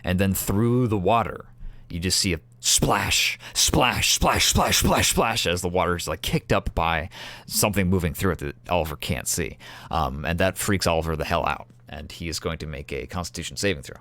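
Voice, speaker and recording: Man game master, very low voice, dry close sound, relaxed rambling narration. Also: brisk, no room sound. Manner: casual, filler-heavy narration with sudden loud acted shouts.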